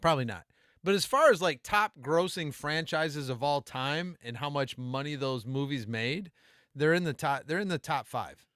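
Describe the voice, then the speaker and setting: A man co-hosting a live podcast, running a quiz in casual chat with a steady, patient, playful manner. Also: on the high side, normal speed, no echo, clean studio sound.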